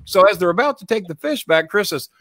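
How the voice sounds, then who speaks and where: A man's voice: high-pitched, expressive, fast talker, a bit bright, dry recording. Profane rambling man telling a story. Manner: rambling, profane, repeats himself. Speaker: show host. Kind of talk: casual storytelling chat.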